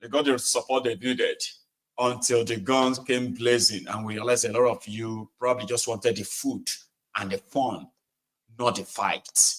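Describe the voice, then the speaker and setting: A man's voice: mid-range voice, steady tone, measured pace. A man from Nigeria, hosting a call-in political show and taking callers, impassioned and repeating phrases for emphasis.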